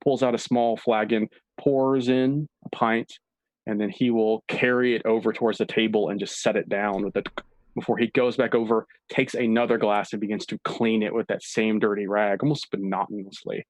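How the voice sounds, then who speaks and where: A man narrating as dungeon master in a tabletop game, with relaxed, descriptive storytelling and filler words. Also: on the low side, normal speed, dry recording.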